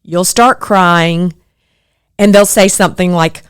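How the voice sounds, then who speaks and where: This middle-aged podcast host speaks in a fairly low, clear, resonant voice, taking her time. Her personal monologue is earnest and reflective, though she becomes animated when repeating others' words.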